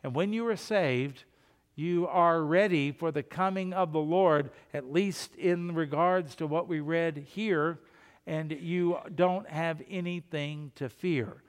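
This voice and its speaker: A man preaching a sermon as pastor, earnest and urging, with sudden loud emphasis. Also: on the high side, slow pace, clean tone, big-room sound.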